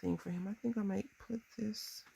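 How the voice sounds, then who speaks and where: A woman in her thirties chatting casually through a crafting tutorial, bubbly and quick to laugh at herself. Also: medium pitch, fairly even intonation, vocal fry, mellow, husky. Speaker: crafting vlogger.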